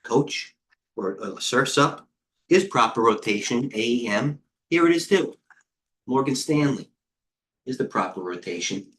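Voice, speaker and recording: A middle-aged man hosting a live trading stream, giving casual market commentary in a rambling way, with quick asides, restarts and talking to himself. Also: mid-range voice, lively intonation, a bit bright. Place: indoor room with a heater on.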